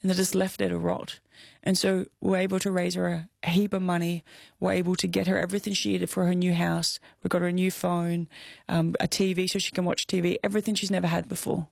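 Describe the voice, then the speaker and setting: A woman's voice: on the low side, little pitch movement, a little fast, vocal fry, darkish tone, no echo. A young Australian woman telling a personal story in an interview, candid and heartfelt, close to tears. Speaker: guest.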